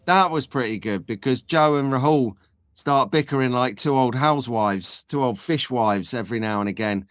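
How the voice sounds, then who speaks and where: A man's voice: medium pitch, moderate pace, fairly bright tone, clear, resonant tone, no echo. A man hosting a casual live stream, chatting and joking with viewers, having just woken up. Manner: chatty, jokey banter with the chat. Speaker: host.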